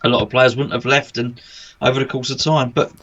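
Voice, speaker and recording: A man's voice: mid-range voice, flat delivery, brisk, fairly bright tone, dull audio. A man co-hosting a casual podcast chat, jokey and playful. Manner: jokey, playful, laughs often. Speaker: podcast co-host.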